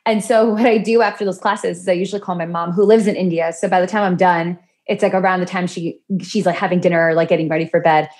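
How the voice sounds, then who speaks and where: A woman's voice: lowish voice, fairly even intonation, quick pace, hardly any pauses, a little mellow. A woman guest on a podcast, talking in a chatty way about chanting practice, laughing now and then. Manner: chatty, laughs often, acts out quoted voices. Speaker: podcast guest, yoga and mantra teacher. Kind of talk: conversational interview.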